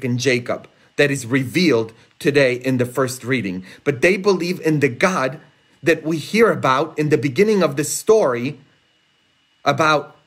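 A man preaching a homily, earnest and emphatic, rising high and intense for rhetorical questions. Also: a bit bright. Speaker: priest. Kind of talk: sermon. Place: church, livestreamed.

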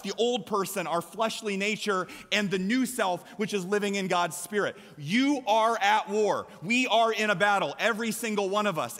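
A man with an American Midwestern accent preaching a lively sermon as a pastor, with emphatic bursts and shouts. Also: sits high. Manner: energetic, emphatic preaching with sudden loud shouts. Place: large church sanctuary. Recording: long hall reverb from a church.

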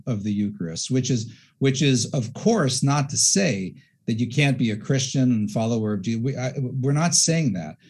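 A man hosting a casual discussion who reads scripture aloud and breaks into animated, self-correcting commentary. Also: medium pitch. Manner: animated, acts out quotes with mock voices. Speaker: podcast host.

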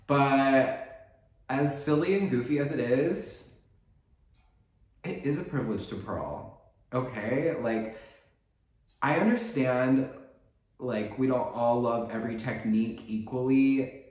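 A man's voice: medium pitch, measured pace, a little mellow. A man with a Texas accent hosting a casual knitting podcast, rambling and joking with a lot of "like" in his speech. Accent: Texan. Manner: rambling, chatty, joking, lots of "like". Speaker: podcast host. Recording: very echoey room.

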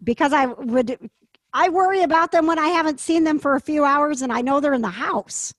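A woman's voice: high voice, fairly quick, no room sound. A woman hosting a casual chat show, talking emphatically and laughing often. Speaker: podcast host.

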